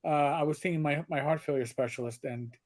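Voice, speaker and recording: A man in his fifties hosting a casual livestream chat, telling stories in an animated, rambling way with many restarts. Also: fairly high pitch, a little fast. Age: 50s. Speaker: host.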